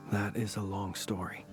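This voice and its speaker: An actor playing a courteous, wounded young male hero in a game, speaking in a formal, old-fashioned way. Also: fairly low pitch. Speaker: game character. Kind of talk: game voice acting.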